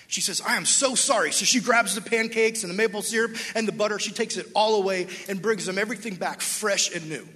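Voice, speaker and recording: A man preaching a sermon to a church congregation, telling a story and acting out its dialogue in an animated way. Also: sits high, fairly quick, breathy edge. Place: church sanctuary. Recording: long hall reverb.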